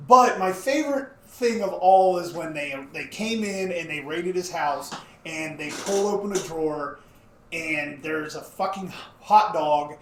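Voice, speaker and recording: Podcast co-host, male, high voice, animated and profane; roomy basement sound. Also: unhurried, a little hiss or hum. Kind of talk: casual podcast chat. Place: home basement.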